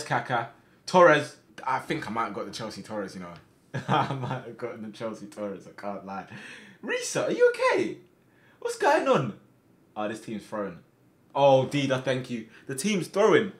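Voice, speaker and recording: Young male streamer, excitable game commentary with big swings in pitch, unhurried pace. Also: echoey room. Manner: excitable, shouts at players during matches, calmer while managing. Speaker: streamer playing a football manager game.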